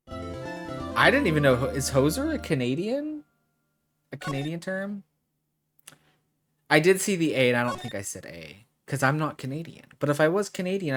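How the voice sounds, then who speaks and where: A male streamer chatting and reacting with amusement while playing a game, laughing often. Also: fairly high pitch. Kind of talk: casual gameplay commentary. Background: game music.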